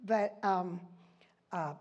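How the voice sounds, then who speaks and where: A woman's voice: lowish voice, very slow, a little mellow, dull audio. An older woman leading an informal church Bible study, chatty and rambling, laughing often between points.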